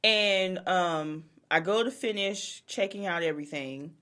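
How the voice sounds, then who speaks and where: A woman's voice: on the low side, unhurried. A woman co-hosting a podcast, telling a casual story with profanity and acting out what people said. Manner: animated, profane, acts out quoted people. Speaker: podcast co-host.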